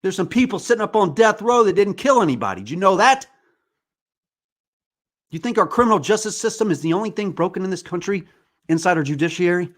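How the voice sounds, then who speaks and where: A man's voice: high-pitched, expressive, a little fast. A man in his forties, a podcast host, delivering an angry, profane, impassioned monologue. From United States.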